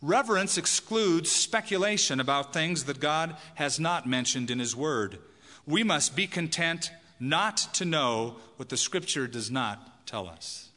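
A man's voice: fairly high pitch, lively intonation, a little slow, bright, forceful tone. A man preaching a sermon to a congregation as pastor, emphatic and asking the listeners questions. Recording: long hall reverb.

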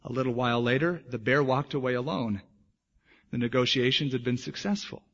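A man preaching a sermon as pastor, lively and emphatic, acting out the voices of people in his stories. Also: medium pitch, fairly quick. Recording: dull lo-fi sermon recording.

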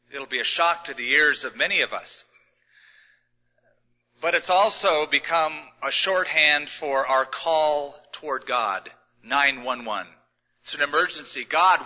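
A middle-aged man gives a conversational, gently humorous sermon in a big church auditorium. His voice is very bright and forward. The recording is dull and lo-fi, with a long reverb tail from the hall. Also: fairly high pitch. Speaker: pastor.

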